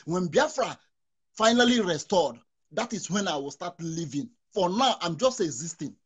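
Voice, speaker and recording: A Nigerian man joins an impassioned talk show discussion as a guest over a remote call whose connection keeps cutting out. His high, breathy-edged voice is expressive and moves at a moderate pace, and he speaks fervently, often restarting and repeating himself.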